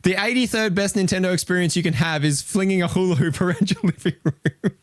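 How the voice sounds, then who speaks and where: Speaking fairly quickly in a high-pitched voice, a retro gaming streamer rants in disbelief at a game ranking he's reacting to live. He's animated, swearing and exasperated, and the recording is clean studio sound with no room sound.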